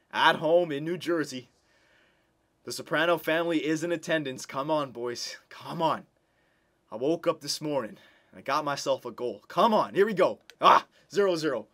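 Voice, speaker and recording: Excitable man commentating a hockey game. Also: medium pitch. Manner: emotional, pleading with the team, bursts into excited yelling.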